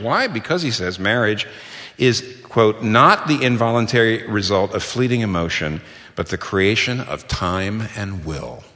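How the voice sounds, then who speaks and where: A man's voice: lowish voice, lively intonation, measured pace, pushed and bright. A middle-aged man preaching a sermon in an earnest, emphatic way, quoting sources and repeating key phrases for stress. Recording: long hall reverb.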